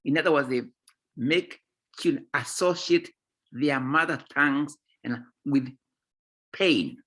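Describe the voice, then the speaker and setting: A man speaks as a guest author in an impassioned, emphatic way, often pausing to check in with "eh?" and "right?". His voice is bright and forceful, with a pitch in the ordinary middle range for a man. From Kenya. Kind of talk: impassioned talk in a conversation series.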